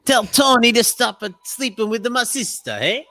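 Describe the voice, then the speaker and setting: A man's voice: extremely high pitch, sing-song, moderate pace, dry recording, pitched above the performer's own voice, full character voice. A man putting on a brash, joking New York Italian tough-guy voice. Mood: mocking. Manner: loud, joking, exaggerated.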